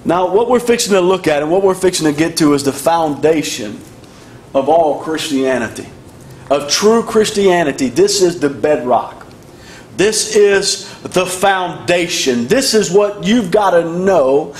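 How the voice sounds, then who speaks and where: A man's voice: on the high side, animated, a little slow. A man preaching a sermon, emphatic and repetitive in his cadence. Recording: echoey room.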